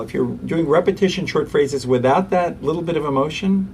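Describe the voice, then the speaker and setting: Animated man explaining parenting. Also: on the high side, distant mic, a little hiss or hum. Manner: animated, acts out parents and toddlers in quick voices. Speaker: pediatrician, guest. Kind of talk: conversational interview.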